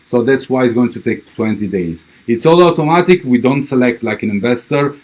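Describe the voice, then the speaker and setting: A man's voice: mid-range voice, animated, fairly quick, a little mellow. A man with a strong Italian accent, a crypto project representative giving a livestream update and answering viewer questions, with many fillers and restarts.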